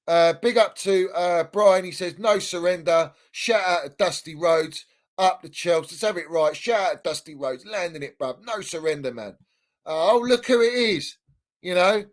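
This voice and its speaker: A man hosting a fan channel livestream, ranting heatedly in slang and repeating himself. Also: a little high. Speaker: football fan channel host.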